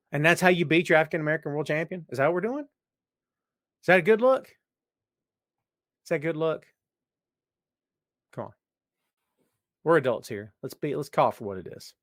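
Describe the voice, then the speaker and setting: A man hosting a podcast and answering listener questions in casual, rambling chat that jumps to loud excitement. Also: mid-range voice, dry recording, studio quality. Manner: animated, jumps to shouting when excited; rambling, frequent restarts.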